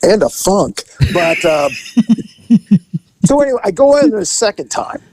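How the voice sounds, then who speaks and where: A man telling a comic crime story in a rambling, animated way, acting out the people in it. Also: high voice, a little slow, noisy background. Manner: animated, rambling, acts out every line. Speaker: guest storyteller.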